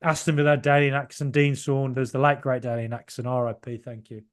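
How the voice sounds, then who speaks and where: Podcast host, man in his forties, passionate and rambling, jumping from loud outbursts to mutters. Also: mid-range voice, level tone, fast. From Ireland. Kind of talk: excited solo match reaction.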